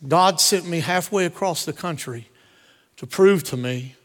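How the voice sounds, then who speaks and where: A pastor preaching a sermon, driving points home through repetition and telling personal stories. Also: male voice, on the high side, a little slow. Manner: repetitive emphatic preaching cadence. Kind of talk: sermon with storytelling. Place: church sanctuary. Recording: long reverb of a church hall.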